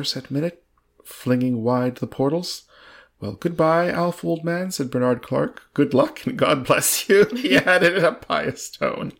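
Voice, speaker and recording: A man's voice: medium pitch, creaky, husky. A man reading an old book aloud, stumbling over words and laughing at the text. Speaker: reader.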